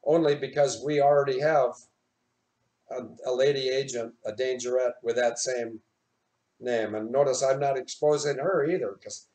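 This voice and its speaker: A man's voice: medium pitch, steady tone, moderate pace, darkish tone. A man hosting an online show from his office, talking in a rambling, heartfelt way and spelling out names as he goes. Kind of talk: rambling live-stream chat.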